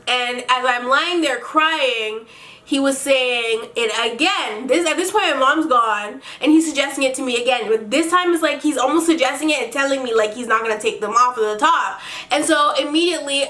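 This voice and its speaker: A woman's voice: high voice, bright, forceful tone. A young woman from Canada telling a storytime vlog, profane and dramatic, ranting with plenty of swearing. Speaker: vlogger.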